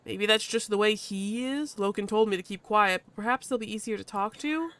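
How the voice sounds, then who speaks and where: A woman hosting a game playthrough who reads the narration aloud and chats in a lively, casual way. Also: mid-range voice, a little fast. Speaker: let's-play host.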